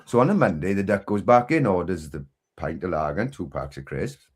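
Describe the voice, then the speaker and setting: A man's voice: sits low, expressive, fairly quick, breathy edge. A man co-hosting a podcast, telling a long joke in a chatty, laughing way. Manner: chatty storyteller, laughs easily. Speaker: podcast co-host.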